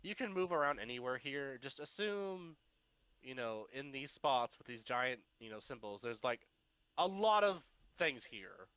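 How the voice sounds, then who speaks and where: A man narrating as game master of an online tabletop game, casual and quick to laugh, often restarting his sentences. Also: medium pitch, big pitch swings, a bit bright, clear, resonant tone, dry recording.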